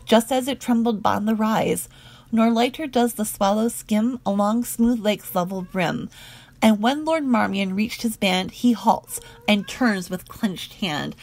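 A woman reads old narrative poetry aloud at a measured, rhythmic pace. Her voice has a gravelly, creaky edge. The recording is close and dry. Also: mid-range voice, no echo. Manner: measured, rhythmic verse reading. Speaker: audiobook reader.

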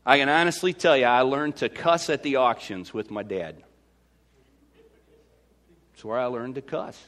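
A Midwestern American man preaching a sermon as pastor, swinging from loud to hushed. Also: mid-range voice, moderate pace.

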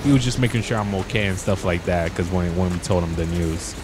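A young man telling stories in a casual, slangy way while commenting on his gameplay, getting excited as he talks. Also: low-pitched, fairly quick, music in the background. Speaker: gaming YouTuber.

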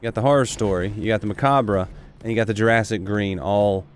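A man giving casual, rambling, excitable commentary as he streams a video game and talks to his chat. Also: lowish voice, fairly quick, a little hiss or hum.

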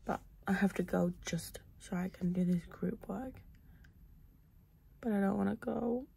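Exasperated young woman rambling, gravelly. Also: medium pitch, a little slow, mellow. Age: young adult. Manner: rambling and exasperated, often dropping to a whisper. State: out of breath; tired. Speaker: vlogger. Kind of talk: casual vlog rant.

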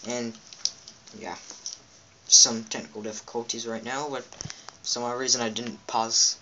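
A man's voice: mid-range voice, level tone, measured pace, very noisy. Rambling young gamer man. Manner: rambling, chatty, talks to viewers. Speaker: let's play gamer. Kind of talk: casual gameplay commentary.

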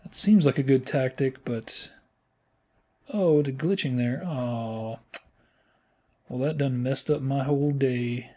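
Man, mellow voice, playful gaming commentary, sudden high squeals, casual host. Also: takes it slowly, pauses often. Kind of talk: casual let's-play commentary.

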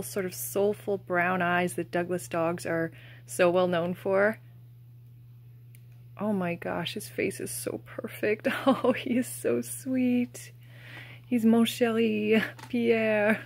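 A young woman gushing softly as she unboxes plush toys, with breathy exclamations and a casual, fond way of talking. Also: medium pitch.

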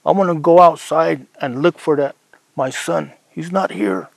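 A man's voice: a little high, expressive, unhurried, creaky, dry recording, heavily acted. A man voicing a worried father in a told folk tale, raising his voice to call for his son. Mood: fretting. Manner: raised, calling out.

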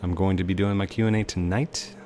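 A man's voice: low-pitched, fairly even intonation, a little fast, a little mellow, slight background noise. A man in his thirties giving casual, rambling commentary as he plays a video game, chatting to the objects on screen. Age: 30s. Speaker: let's play host.

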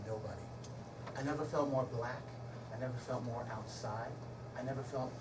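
A middle-aged man, a musician and guest speaker, tells a personal story in a lively lecture, swinging between loud excitement and hushed emotion. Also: medium pitch, brisk. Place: lecture hall. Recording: echoey hall from far off, noisy.

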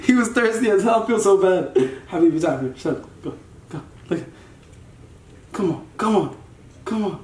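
A man in his twenties vlogging to a handheld camera at home and out in a garden, talking in an animated, exasperated, slangy way. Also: high-pitched, normal speed, pauses often. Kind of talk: casual vlog to camera. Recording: roomy echo, loud background noise.

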